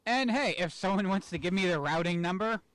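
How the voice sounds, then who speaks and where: A man's voice: high voice, a little fast, crowd noise. A man co-hosting a casual podcast, laid-back and wry, stumbling over his words. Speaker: podcast co-host. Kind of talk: casual chat.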